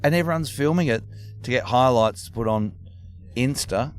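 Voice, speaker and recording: A man's voice: mid-range voice, moderate pace. An older Australian man, a comedian, chatting wryly in a car with dry humour and a storyteller's manner. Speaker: comedian guest. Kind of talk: casual chat. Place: moving car.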